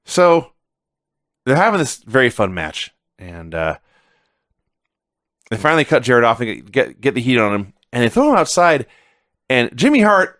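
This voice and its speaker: A middle-aged man co-hosting a wrestling podcast, telling stories in an animated, sarcastic way. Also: mid-range voice. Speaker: podcast co-host. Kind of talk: casual wrestling review chat.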